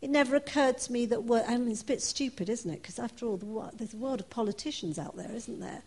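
A woman's voice: on the high side, fast talker, slightly rough. A woman preaching a sermon, reading scripture and then telling her own story in an earnest, personal way. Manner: earnest, personal, with soft laughs.

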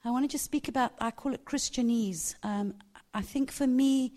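A woman's voice: sits high, moderate pace, warm tone. A woman preaching a sermon, telling a personal story animatedly and laughing often.

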